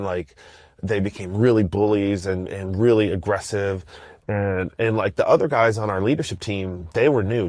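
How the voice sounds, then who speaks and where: Low-voiced man, rambling podcast talk. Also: darkish tone, no room sound. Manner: rambling, slangy, with many restarts and fillers. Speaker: podcast host. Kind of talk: casual solo podcast talk.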